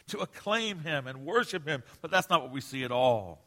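A man in his forties preaching a sermon as pastor, emphatic, swinging between loud declarations and hushed asides. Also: mid-range voice, animated, normal speed. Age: 40s. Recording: long reverb of a large hall.

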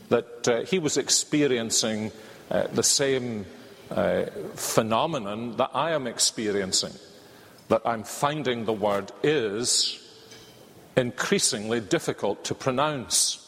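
A man preaching a sermon, speaking slowly and deliberately with thoughtful pauses and dry humour. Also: mid-range voice, a bit bright. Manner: slow, measured, with thoughtful pauses and wry asides. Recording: long reverb of a large hall.

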